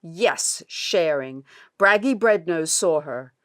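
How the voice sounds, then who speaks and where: A woman's voice: fairly low pitch, expressive, takes it slowly, a bit bright. A woman voicing a proud Viking father who gossips smugly. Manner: smug, gossiping.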